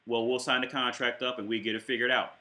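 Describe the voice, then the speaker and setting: A man's voice: medium pitch, flat delivery, fast talker, pushed and bright, pitched below the performer's own voice. A man putting on the voice of a dying older father who bluntly refuses and dismisses. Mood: dismissive. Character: elderly stern human father, blunt and dismissive.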